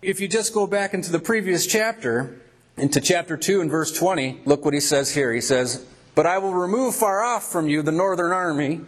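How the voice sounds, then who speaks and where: A man preaching a sermon, reading scripture aloud and retelling it emphatically with drawn-out words. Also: a little high.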